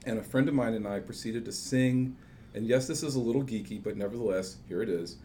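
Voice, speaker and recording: A man's voice: medium pitch, fairly quick, mellow, a little hiss or hum. A man hosting a casual chat, telling a self-deprecating story of his own. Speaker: host.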